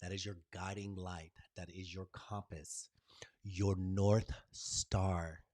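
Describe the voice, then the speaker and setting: Animated man hosting a spiritual live stream. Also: deep voice, slow. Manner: animated storyteller, swings between loud excitement and soft hush; casual and affectionate, calling viewers "y'all", "baby" and "honey". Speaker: channel host. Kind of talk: live-stream chat, spiritual pep talk.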